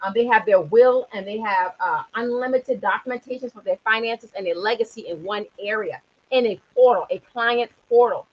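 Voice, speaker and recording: High, fired-up South Carolina woman. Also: normal speed, dull audio. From Charleston area, South Carolina. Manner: preachy and energetic, keeps asking "okay?". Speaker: retirement planning consultant. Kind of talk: motivational livestream talk.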